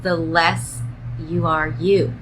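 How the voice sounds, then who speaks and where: A woman relationship coach giving advice straight to the viewer in a measured, emphatic way, leaning on key words. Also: low voice, level tone, noisy background. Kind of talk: direct-to-camera advice talk.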